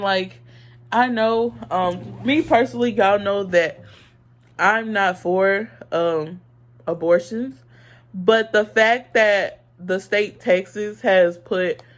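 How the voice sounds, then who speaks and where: A young woman vlogging her opinions in casual, earnest talk, emotional and full of "like" and "um". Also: fairly low pitch.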